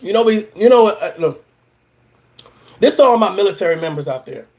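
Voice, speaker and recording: A man's voice: high-pitched, expressive, fairly quick, darkish tone. A man giving a blunt, profane, confrontational reaction rant, preaching like a motivational coach.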